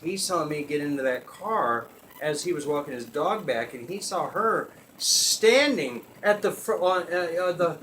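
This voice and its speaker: A man hosting a talk show, telling a comic story in an animated way, often laughing as he talks and swearing freely. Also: fairly high pitch, unhurried, slight background noise. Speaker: podcast host. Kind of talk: comedic storytelling.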